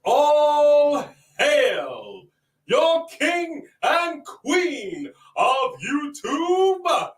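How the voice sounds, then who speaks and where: A man's voice: very high-pitched, wildly swooping pitch, drawn-out words, echoey room, far from the mic, pitched above the performer's own voice, full character voice. A man voicing a pompous king who grandly proclaims to his royal subjects. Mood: regal.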